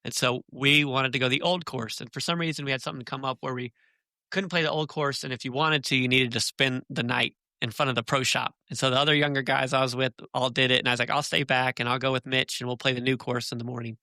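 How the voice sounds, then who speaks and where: Guy with a bright forceful voice telling stories on a podcast, super dry mic. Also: medium pitch, fast, no echo. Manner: chatty storyteller, animated and laughing. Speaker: guest. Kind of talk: casual podcast interview.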